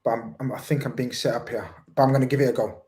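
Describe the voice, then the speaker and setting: Animated man co-hosting a live chat stream. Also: mid-range voice, racing. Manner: animated, playful banter. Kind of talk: casual live stream chat, reading super chats.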